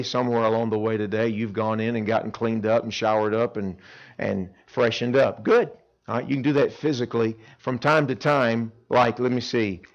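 A man's voice: medium pitch, rough recording. Dynamic male camp preacher. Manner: dynamic, swings from loud emphatic to hushed earnest. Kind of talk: sermon to teenagers.

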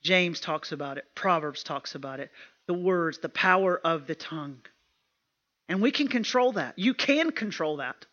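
A woman preaching to a women's retreat with a bright, forceful edge to her voice. She drives her points home by repeating them, in plain, homey language. The recording sounds a little dull and lo-fi. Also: on the low side, animated, normal speed. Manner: emphatic and repetitive, with plain homespun talk. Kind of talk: sermon.

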